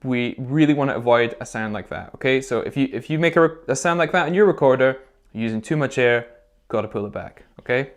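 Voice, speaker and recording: A man's voice: medium pitch, animated, a little fast. A male music teacher leading a recorder lesson video for children. He explains things patiently, step by step, and often checks in with "okay?". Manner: encouraging, checks in with frequent "okay?".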